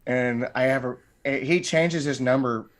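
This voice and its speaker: A man's voice: medium pitch, unhurried, slight background noise. A middle-aged man, a martial arts gym owner and podcast guest, talking casually and rambling, often repeating words and restarting.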